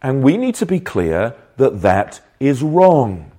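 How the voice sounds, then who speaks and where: A man's voice: medium pitch, sing-song, slow, mellow. A man preaching an earnest sermon, stressing points and asking the listeners direct questions. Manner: earnest, emphatic, rhetorical questions.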